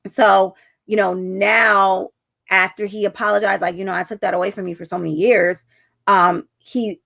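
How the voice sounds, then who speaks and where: Gravelly-voiced woman telling a story. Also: medium pitch, fairly bright tone. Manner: chatty storytelling, acts out quotes. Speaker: relationship coach. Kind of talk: casual talk to camera.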